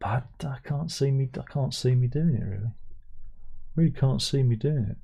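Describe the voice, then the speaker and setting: A man's voice: mid-range voice, moderate pace, vocal fry, husky, narrow, tinny audio. A middle-aged man hosting a casual livestream, who reads out viewer comments and hums to himself between them. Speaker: livestream host.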